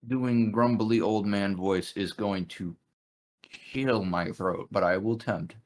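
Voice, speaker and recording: A man's voice: fairly low pitch, slow pace. A man, a tabletop game player, chatting casually and teasing his friends before an online session over a computer mic. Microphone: computer mic on a voice call.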